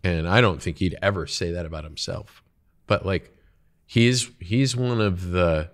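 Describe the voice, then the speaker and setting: A man's voice: sits low, a little slow. A man hosting a podcast, talking casually about work and the people he works with, trailing off and restarting his thoughts as he goes. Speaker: podcast host. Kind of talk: casual conversation.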